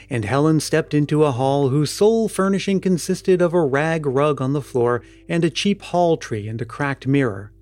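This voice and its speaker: A man narrating an audiobook in a steady, measured storytelling manner. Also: on the high side, no echo. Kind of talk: scripted narration.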